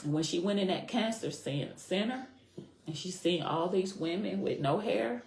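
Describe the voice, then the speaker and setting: A middle-aged woman with a very low, deep voice tells her own story as a podcast guest. She speaks earnestly and from the heart, repeating key phrases for weight. The sound has a noticeable echo from the room. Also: animated, normal speed, darkish tone. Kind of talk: personal story in a podcast interview. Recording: echoey room.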